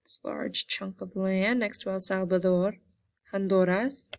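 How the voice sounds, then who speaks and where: A young woman teaching a Spanish class, going slowly over a map and repeating each country name so students can copy how it is said. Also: mid-range voice, flat delivery, vocal fry, dry recording, studio quality. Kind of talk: geography lesson over a map.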